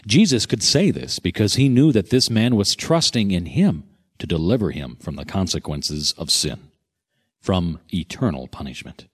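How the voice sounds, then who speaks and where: A man narrating a scripted Bible teaching with dramatic, expressive storytelling. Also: low voice, normal speed, slightly rough.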